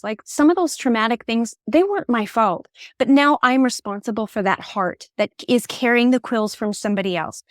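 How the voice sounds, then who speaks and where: A middle-aged woman, a podcast guest, telling personal stories in an animated, candid conversational way. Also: on the high side, no room sound, studio quality. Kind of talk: conversational storytelling.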